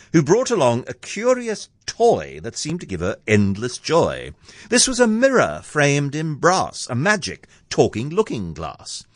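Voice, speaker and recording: Man narrating comic storybook verse, sardonic, very lively pitch, dry close sound. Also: no echo. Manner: playful, sardonic.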